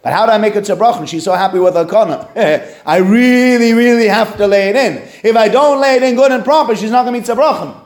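A determined, scheming rival wife plots aloud in an insistent voice, as a man puts her on. The voice sits high, with a roomy echo around it. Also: quick pace, hardly any pauses, natural voice.

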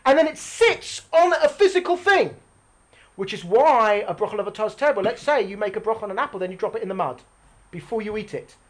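Animated woman teaching a religious class. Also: mid-range voice, fast talker. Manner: animated, asks the audience questions and repeats lines for emphasis; explains using a picture or diagram. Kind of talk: live religious class lecture.

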